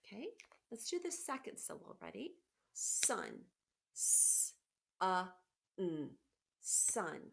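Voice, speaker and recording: A woman teacher giving a remote phonics lesson to children, patient and encouraging, slowly sounding out letters. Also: a little high, very animated, vocal fry, fairly bright tone, husky. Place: home, by a window.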